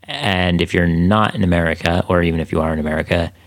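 Deep-voiced man joking on a podcast. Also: steady tone, fast talker. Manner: playful, jokey asides. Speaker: podcast co-host. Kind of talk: casual chat.

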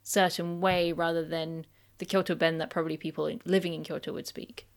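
A woman's voice: fairly low pitch, little pitch movement, brisk. A woman co-hosting a podcast, chatting casually and enthusiastically. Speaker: podcast co-host. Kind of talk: casual discussion.

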